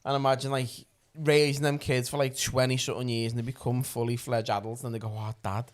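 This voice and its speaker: A man throwing in quick, sweary jokes during casual podcast banter. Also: medium pitch, flat delivery.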